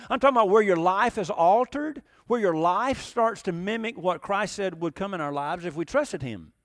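A pastor delivers an emphatic, chatty sermon, peppering it with rhetorical questions. His voice sits high for a man. The sound is dry and close, with little room in it. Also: no echo.

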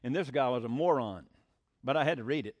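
A man's voice: mid-range voice, brisk, no room sound. A man preaching a sermon, folksy and blunt, with sarcastic asides.

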